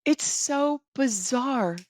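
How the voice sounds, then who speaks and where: A woman in her forties, a podcast guest, recounting a personal story in a measured, reflective way. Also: high-pitched, expressive, a little mellow, no room sound, clean studio sound.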